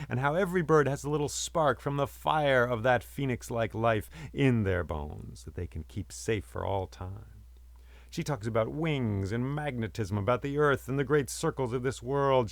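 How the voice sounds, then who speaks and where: A man's voice: medium pitch, no room sound. A man telling a myth aloud as a storyteller, with rhythmic, repeating phrases. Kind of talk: oral storytelling of myths.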